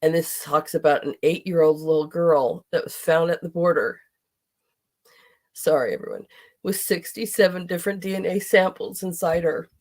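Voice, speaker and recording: A woman's voice: fairly low pitch, level tone, normal speed, few pauses. A middle-aged woman hosting a podcast, speaking in an impassioned, indignant monologue and at times near tears. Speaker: podcast host.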